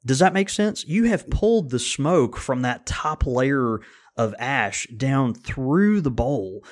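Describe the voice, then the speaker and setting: A man's voice: medium pitch, expressive, takes it slowly. A man co-hosting a podcast, explaining things in a casual, rambling way with many restarts. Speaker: podcast co-host, pipe tobacco blender. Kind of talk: casual chat.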